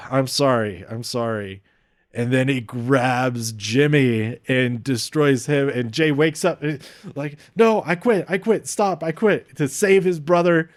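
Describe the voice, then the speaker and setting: Man, casual wrestling review, rambling with restarts, mid-pitched voice, dry close sound. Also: no echo. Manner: rambling, many restarts, openly emotional.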